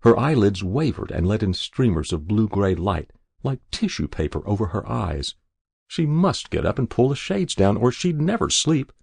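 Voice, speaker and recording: A man narrating a literary short story in a measured, expressive way. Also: fairly low pitch, gravelly, breathy edge, no echo, clean studio sound. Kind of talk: scripted narration.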